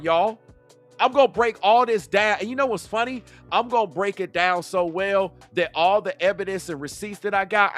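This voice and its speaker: A man's voice: sits high, a bit bright. A man giving heated reaction commentary, confrontational and full of rhetorical questions. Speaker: YouTube commentator.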